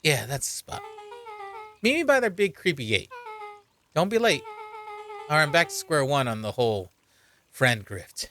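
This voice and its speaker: A blunt, bossy girl from a video game snaps out short commands in a lowered voice, as a streamer puts her on. The pitch jumps around a lot, and faint music sits behind. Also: very animated, unhurried, pauses often, fairly bright tone. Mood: wry.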